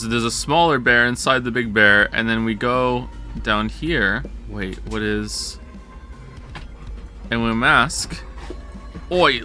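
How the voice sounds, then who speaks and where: Bright-voiced man, rambling stream chat. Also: mid-range voice. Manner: rambling, self-correcting, jokey.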